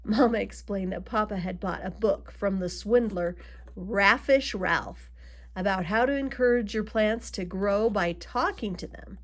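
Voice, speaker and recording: A woman reading a children's picture book aloud, adding gentle asides to her young listeners. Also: medium pitch, lively intonation, measured pace. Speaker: storybook reader.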